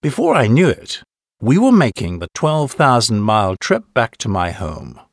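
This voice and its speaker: Brief: a man narrating a course-book listening passage, expressive and swinging widely in pitch, recorded dry and close. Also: normal speed, vocal fry, no echo. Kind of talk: scripted narration.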